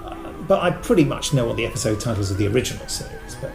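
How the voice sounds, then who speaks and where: Gravelly-voiced man telling stories. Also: mid-range voice, very fast, over music. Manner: chatty anecdotes, animated quoting of others. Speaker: guest, voice actor. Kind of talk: casual podcast interview. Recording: echoey room.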